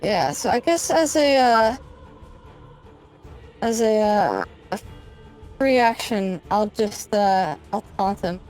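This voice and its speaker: A woman's voice: medium pitch, lively intonation, slow, pauses often, darkish tone, soft background music. A young woman player in a tabletop game, talking casually and playfully. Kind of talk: casual chat while playing.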